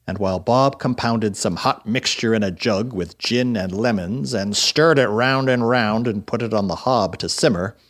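A man narrating a classic story aloud in an animated storytelling manner. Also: fairly low pitch, normal speed, hardly any pauses.

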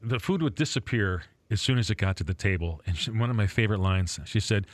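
A man's voice: on the low side, a little fast. A man co-hosting a radio after-show, chatting casually and telling family stories with stops, restarts and chuckles. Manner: rambling, chuckling, self-interrupting. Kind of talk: casual chat. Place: Rochester, New York area.

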